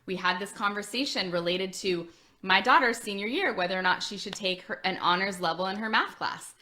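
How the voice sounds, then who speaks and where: A woman in her forties, an admissions coach, giving chatty, animated advice to parents. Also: fairly high pitch. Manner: chatty, animated, addresses listeners as friends.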